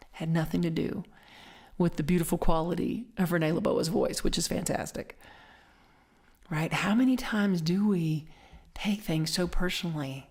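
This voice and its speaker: A woman minister giving a conversational sermon, telling stories in an animated way and dropping to soft whispers for emphasis. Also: fairly low pitch, measured pace, long pauses, breathy edge.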